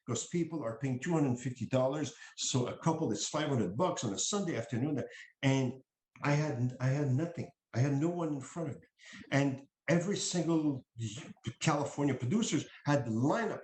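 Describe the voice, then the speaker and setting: A man's voice: mid-range voice, roomy sound, rough recording. French-accented man telling wine stories. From France. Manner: animated, acts out quoted dialogue, frequent restarts. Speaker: wine importer. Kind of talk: storytelling in conversation.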